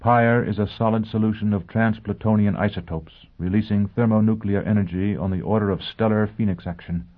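A man voicing a haughty older male tycoon who turns frantic and then drones in a monotone, in an audiobook reading. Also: lowish voice, a little fast, hardly any pauses, lightly acted. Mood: droning. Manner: shifts from frantic to droning monotone. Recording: tinny phone-like audio.

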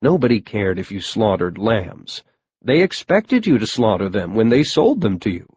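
A man's voice: fairly low pitch, very animated, moderate pace, a little mellow, breathy edge, dry recording, highs cut off. A man narrating a first-person audiobook in a wry, matter-of-fact storytelling manner.

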